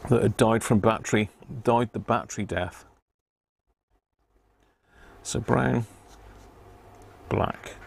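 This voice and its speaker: A middle-aged man with a gravelly, low-pitched voice and a Devon accent talks casually to himself and to his viewers. He mutters component values and thinks aloud. A faint hiss of noise sits under the recording. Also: slow, pauses often. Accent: Devon English. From Devon, England. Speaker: radio repair livestream host. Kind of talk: casual live-stream chat while repairing.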